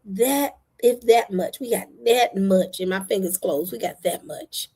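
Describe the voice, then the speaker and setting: A woman's voice: medium pitch, a little slow, warm tone, slightly rough. A woman host from the United States, giving blunt, impassioned casual commentary to her viewers and repeating herself for emphasis. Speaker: online show host.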